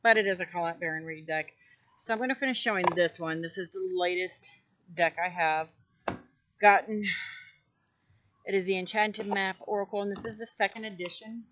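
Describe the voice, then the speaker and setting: A mid-pitched voice, neither high nor low, that gushes about oracle decks in a loose, rambling show-and-tell. The talk is full of "um"s, restarts and repeated words. The recording is a little dull and lo-fi. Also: normal speed, fairly bright tone, slight background noise. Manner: gushing, rambling, many fillers and restarts. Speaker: oracle card collector showing decks. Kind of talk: casual show-and-tell vlog.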